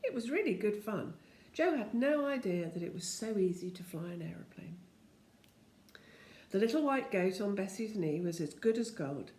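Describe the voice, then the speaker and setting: An older woman reading a children's storybook aloud, homely and unhurried, breaking off now and then for chatty asides. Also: mid-range voice, sing-song, a little mellow. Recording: echoey room.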